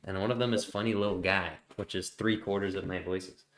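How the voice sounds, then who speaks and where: A man's voice: sits low, fairly even intonation, fairly quick, fairly bright tone. A man narrating as game master in a casual, self-deprecating way.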